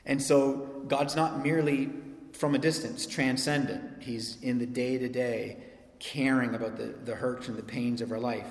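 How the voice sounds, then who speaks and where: A man preaching a sermon as pastor, emphatic and animated, swinging from loud peaks to soft, quiet stretches. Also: medium pitch, moderate pace. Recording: echoey hall sound.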